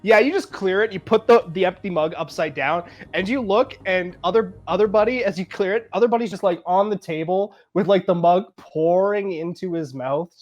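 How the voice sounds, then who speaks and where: A man's voice: high voice, normal speed, few pauses. A man from Canada narrating a tabletop game as game master, loose and chatty. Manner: loose, lively narration with many fillers.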